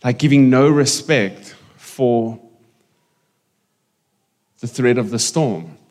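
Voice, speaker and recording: Pastor preaching in a reverberant hall. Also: male voice, mid-range voice, takes it slowly, darkish tone. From South Africa. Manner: conversational, jokes with the congregation and slips into Afrikaans. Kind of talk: sermon. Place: church hall. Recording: long reverb of a church hall.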